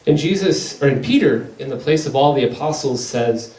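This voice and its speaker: A man's voice: medium pitch, lively intonation, moderate pace, a little mellow. A man giving a casual talk on faith at a parish gathering, telling stories loosely with many restarts. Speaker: Catholic speaker. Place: parish hall. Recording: echoey hall, picked up from a distance.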